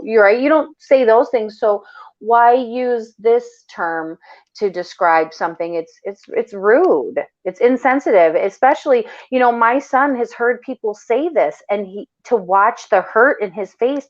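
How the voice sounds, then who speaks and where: A woman's voice: medium pitch, muffled recording. A woman co-hosting a podcast, talking in casual chat, blunt and impassioned, swearing freely. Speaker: podcast co-host.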